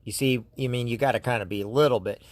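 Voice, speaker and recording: A man's voice: medium pitch, fast, no echo. A man from the United States, hosting his own channel, rambling through a casual monologue with frequent restarts and speaking straight to his viewers. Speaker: YouTube host.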